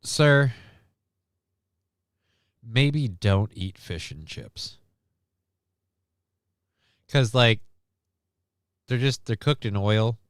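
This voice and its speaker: A man hosts a stream in loose, rambling chat, full of jokes and casual swearing. His voice is smooth and clear. The sound is dry and close to the mic. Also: fairly low pitch, animated, extremely slow, long pauses, dry recording. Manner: joking, rambling, swears freely. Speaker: stream host. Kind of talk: casual chat reacting to news clips.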